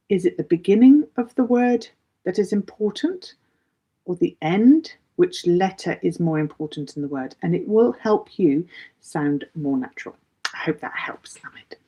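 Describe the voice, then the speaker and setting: English woman, English teacher on a livestream, low-ish husky voice, chatty and animated. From England. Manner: chatty, animated, quick with many asides. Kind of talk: live Q&A lesson.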